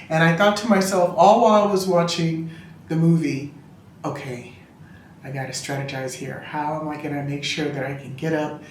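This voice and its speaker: A woman's voice: low-pitched, a little hiss or hum. A woman reviewing a fragrance in casual chat, a gushing and chatty storyteller talking from a room at home. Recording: roomy room echo.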